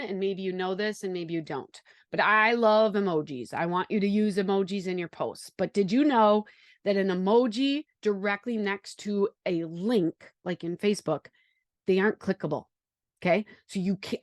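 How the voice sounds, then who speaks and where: A woman's voice: mid-range voice, dry recording, clean studio sound. A woman with a Wisconsin accent hosting a podcast, chatty and enthusiastic as she talks tips and interviews a guest. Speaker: podcast host.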